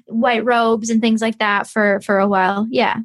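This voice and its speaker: A woman's voice: on the high side, level tone, moderate pace. A woman guest on a casual podcast, chatty and enthusiastic, saying "like" a lot. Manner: chatty, enthusiastic, uses 'like' often.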